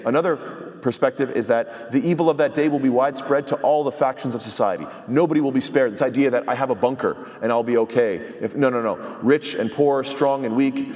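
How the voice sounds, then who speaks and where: A man delivers religious teaching at a brisk clip, his voice of average pitch. He explains points step by step, quoting Arabic and asking the room rhetorical questions. A long reverb hangs on his words, as in a large hall. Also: darkish tone. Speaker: imam giving tafseer. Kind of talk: sermon-style Quran commentary.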